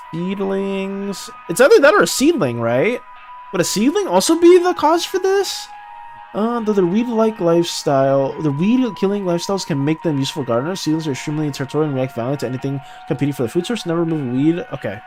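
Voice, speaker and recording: Chatty streamer, animated voice, reads out game text and greets chat, faint music behind. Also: mid-range voice. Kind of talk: casual game commentary.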